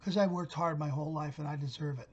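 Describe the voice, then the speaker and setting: Husky middle-aged dude, gruff and foul-mouthed, rambling rant monologue on his channel. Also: a little high, steady tone, fast, dull audio. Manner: blunt, gruff, cursing storyteller. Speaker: channel host.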